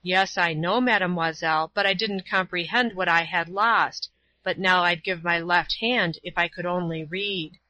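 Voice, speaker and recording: A woman voicing a rough, humble older workman who talks in a plain, earnest, self-deprecating way. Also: on the low side, moderate pace, bright, forceful tone, no room sound. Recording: dull lo-fi recording.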